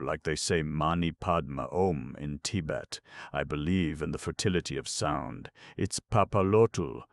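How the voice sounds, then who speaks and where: A man voicing an excitable, pale young man with a French accent who talks in an intense, gushing, rhapsodic way. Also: very deep voice, gravelly, no room sound, heavily acted.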